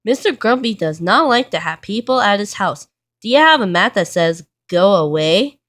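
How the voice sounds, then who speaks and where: A woman's voice: medium pitch, lively intonation, normal speed, a bit bright, lightly acted. A woman voicing a blunt, dismissive rude cartoon man in a storybook reading. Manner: curt, dismissive.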